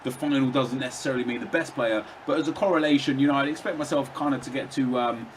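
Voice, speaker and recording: A man's voice: medium pitch, fast talker, a crowd in the background. A young man rambling through casual commentary over his own gameplay, chatty, with lots of fillers and restarts. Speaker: gaming commentator.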